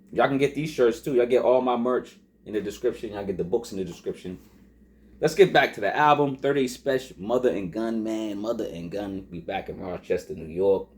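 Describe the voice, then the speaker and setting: A man's voice: medium pitch, darkish tone. A man in his forties hosting a podcast and reviewing a rap album in a laid-back, rambling, emotional way with many fillers.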